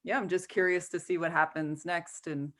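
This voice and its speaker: A woman's voice: on the low side, steady tone, moderate pace, fairly bright tone. A middle-aged woman filmmaker speaking animatedly in a Q&A over a video call, laughing often and acting out quotes. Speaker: filmmaker and guest.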